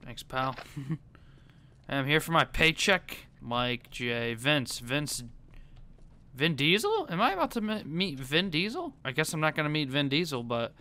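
Gaming commentator, male, excitable, lively pitch, slightly high, constantly yelping and pleading. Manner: panicky, yelps and pleads in rapid repeats. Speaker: gaming YouTuber. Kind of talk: gameplay commentary.

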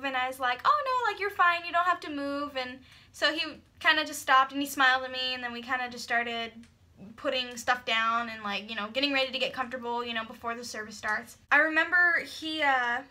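A young woman with a high, bright voice tells the story in a relaxed, chatty way, laughing now and then. It is a casual couple vlog. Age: young adult. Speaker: vlogger.

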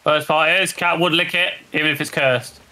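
A man's voice: a little high, steady tone, normal speed, bright, forceful tone. A man chatting casually while gaming, explaining the quest steps. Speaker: co-player. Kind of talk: casual gameplay chat.

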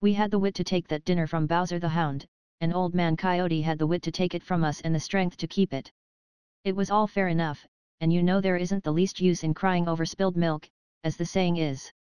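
A woman reading the part of a shrewd, wise old female fox who lectures calmly in a storybook. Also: on the low side, a little fast, clean tone, no echo, muffled recording, natural voice. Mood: scheming. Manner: calm, lecturing, matter-of-fact.

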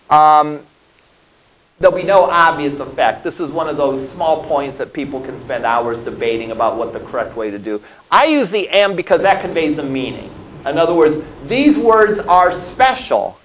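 A male college web development instructor gives a classroom lecture, explaining things step by step and often checking in with "all right?" His voice is a little high, and the recording quality is low.

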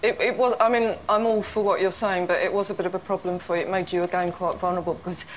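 Woman breaking down behaviour like an expert, lowish voice, faint noise. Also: flat delivery. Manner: measured and explanatory. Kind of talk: analytical commentary.

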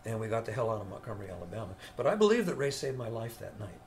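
An older man, a veteran studio guitarist, telling an animated story in an interview and acting out the voices of the people in it. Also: fairly low pitch, rapid-fire, a little hiss or hum.

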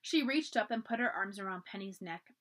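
A woman reads a children's chapter book aloud as a library storyteller, her voice expressive and animated. Her pitch moves a lot, rising and dipping through the narration. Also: fairly quick.

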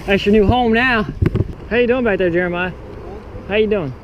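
A man hosting a fishing vlog from a boat, casual and excitable, hollering when he lands a fish. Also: high voice, normal speed. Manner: excitable, hollers over catches. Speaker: fishing vlogger. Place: outdoors on a small fishing boat. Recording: noisy outdoor boat audio.

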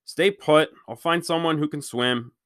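A man's voice: fairly high pitch, measured pace, fairly bright tone, no echo, clean studio sound, pitched above the performer's own voice. A man reading a storybook aloud, voicing an urgent, commanding mustached man who directs a rescue from a dock. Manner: urgent, bossy and insistent. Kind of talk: read-aloud character voice.

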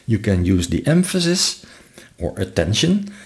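Slow, gravelly man explaining a tutorial. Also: lowish voice. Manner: relaxed, explains step by step with frequent uh fillers. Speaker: tutorial host. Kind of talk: screen-recorded software tutorial.

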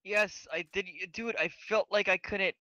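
A man on gaming voice chat, theatrically hamming up a faint in a bright, tight voice. The sound is dry and close, with no room around it. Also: sits high, normal speed, no room sound, dull audio. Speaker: gamer on voice chat. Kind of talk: playful voice chat banter.

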